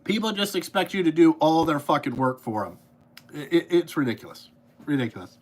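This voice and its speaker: Angry profane man ranting, high-pitched. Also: brisk. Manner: angry, profane, rambling with repeated fillers. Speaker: podcast host, trucking business owner.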